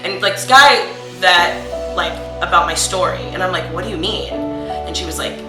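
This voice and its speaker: A woman's voice: on the low side, normal speed. A young woman joining a friend's vlog, chiming in emphatically with her own side of the story. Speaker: friend and co-host. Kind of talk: casual chat. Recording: echoey room with music behind.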